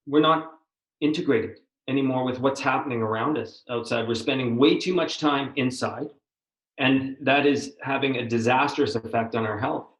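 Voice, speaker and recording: A man's voice: medium pitch, highs cut off. Earnest male interview host, echoey room. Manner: earnest, animated, often restarts phrases. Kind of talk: conversational interview.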